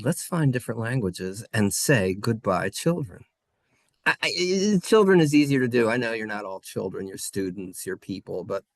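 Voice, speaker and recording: A man teaching a Hebrew class, playful and sing-song, sounding out letters and syllables slowly for his students. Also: on the low side, no echo. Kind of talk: classroom lesson. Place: synagogue classroom.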